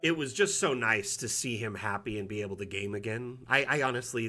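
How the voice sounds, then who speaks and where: A man's voice: mid-range voice, fairly quick, few pauses, sharp tone, faint music behind. A middle-aged man chatting casually on a live stream, with many fillers and restarts. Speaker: community manager streaming a map build.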